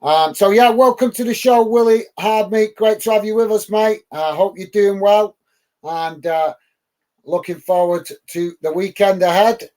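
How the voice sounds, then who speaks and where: A man's voice: high-pitched, moderate pace, darkish tone. A man from the UK hosting a live football watch-along, calling the match and chatting casually with viewers, with frequent ums and uhs.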